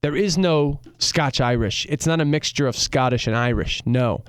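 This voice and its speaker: A man's voice: mid-range voice, normal speed, clear, resonant tone, no room sound. A young adult man, a guest musician in casual chat, talking in a reflective way and joking in between, recorded on a close studio mic.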